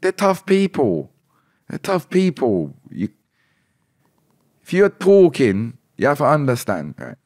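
A man, a musician guest on a podcast, talking in a relaxed, rambling way and often repeating words. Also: medium pitch, slow pace, long pauses, dry recording, clean studio sound. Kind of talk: casual podcast interview.

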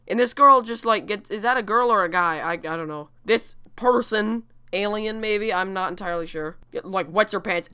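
A woman's voice: medium pitch, moderate pace, pushed and bright. A woman hosting a comedic reaction video, exclaiming and giggling as she comments. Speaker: YouTuber host.

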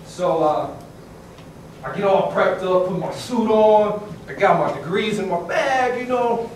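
A man in his thirties from California, telling his career story on a panel with a lively, laughing delivery. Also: sits high, measured pace, a little hiss or hum. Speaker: panelist, former student athlete. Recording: echoey hall from far off.

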